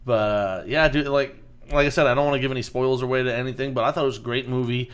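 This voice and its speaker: A man's voice: mid-range voice, fairly even intonation, fast talker, clear, resonant tone. A man in his late twenties co-hosting a podcast, talking casually in a blunt, emphatic way with a lot of swearing. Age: late 20s. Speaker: podcast co-host. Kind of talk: casual chat.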